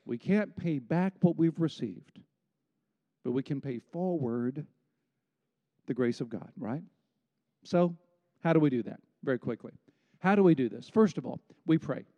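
A man's voice: on the high side, expressive, unhurried, pauses often, highs cut off. A middle-aged man preaching a sermon, explaining a Bible story with asides to the congregation. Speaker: pastor. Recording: long hall reverb.

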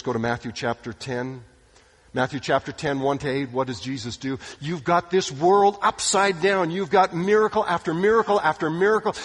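Preacher guy telling bible stories big and dramatic, kinda husky, long echo like a big church hall. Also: a little high. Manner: dramatic storytelling, acting out quoted voices, drops to hushed tones. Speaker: pastor. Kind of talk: sermon.

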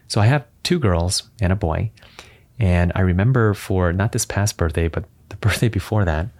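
A man in his thirties co-hosting a podcast, telling a family anecdote in a relaxed chatty way, chuckling and putting on playful voices for his children. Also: low voice, normal speed. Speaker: podcast co-host. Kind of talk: casual podcast storytelling.

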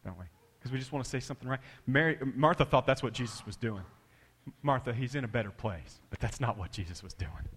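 A man preaching a sermon with big swings in loudness and pitch, dropping to a hush for quoted words. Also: animated, quick pace, breathy edge, big-room sound. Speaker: pastor.

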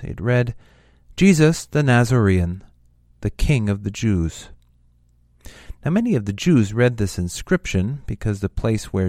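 A man reads a Gospel passage in a measured, steady voice. His pitch sits low. The sound is dry and close, with no room echo. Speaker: scripture reader. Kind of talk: reading a Gospel passage aloud.

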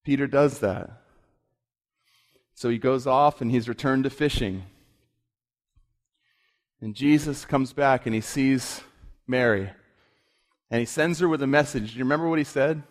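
A man's voice: medium pitch, measured pace, pauses often. A man preaching a sermon with passion, asking the listeners rhetorical questions. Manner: impassioned, rhetorical questions, rising intensity.

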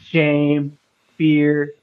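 A man with a fairly high voice tells his faith story on a podcast, earnest and excitable, dropping casual slang. The recording sounds a little dull and lo-fi. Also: very slow, clean tone. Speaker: podcast guest. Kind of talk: casual testimony chat.

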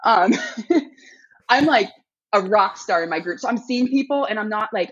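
A woman tells a story on a podcast, animated and quick to act out voices. Her voice has a husky edge, and the recording sounds a bit dull and lo-fi. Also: medium pitch. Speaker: podcast guest. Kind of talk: casual chat.

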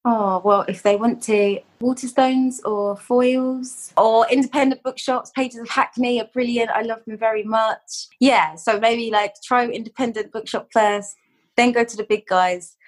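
A woman's voice: a little high, steady tone, moderate pace. A woman, a poet guest reading her work in a blunt, slangy voice and then chatting casually. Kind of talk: poetry reading and casual chat.

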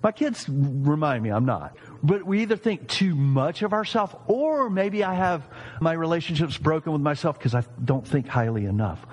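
Lively fifty-something man preaching. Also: on the high side, normal speed, breathy edge, long reverb tail. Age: 50s. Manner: animated, jokey, acts out quoted voices. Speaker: pastor. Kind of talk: sermon.

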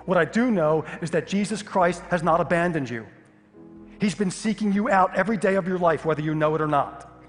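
Animated storytelling pastor in a hall. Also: male voice, sits high, brisk. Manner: animated, humorous storytelling with sudden loud outbursts. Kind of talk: storytelling sermon. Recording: live hall reverb with faint music.

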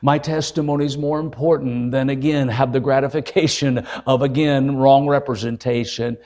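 A man's voice: mid-range voice, steady tone, normal speed, warm tone. An older man, an evangelist, preaching a folksy, joking and emphatic sermon.

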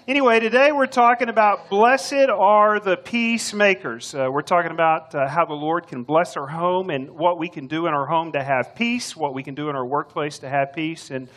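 A man's voice: a little high, moderate pace, hardly any pauses, fairly bright tone. An older man, filling in as preacher, delivering a sermon in a folksy, joking storytelling way. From Texas. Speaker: substitute preacher.

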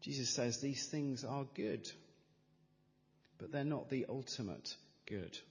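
Slow-preaching man in a reverberant hall. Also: mid-range voice. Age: middle-aged. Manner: measured, emphatic preaching with repeated phrases. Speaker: pastor. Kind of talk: sermon.

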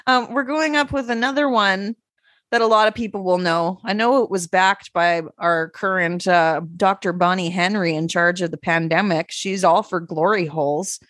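A woman's voice: lowish voice, moderate pace, fairly bright tone, no echo, clean studio sound. A woman co-hosting a podcast in casual chat, laughing often and swearing freely as she talks over a remote call. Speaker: podcast co-host.

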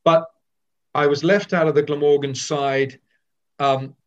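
An older man from Wales telling candid stories of his cricket career, lively and with frequent restarts. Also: a little high, unhurried, highs cut off. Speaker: former cricketer. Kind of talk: reminiscing storytelling.

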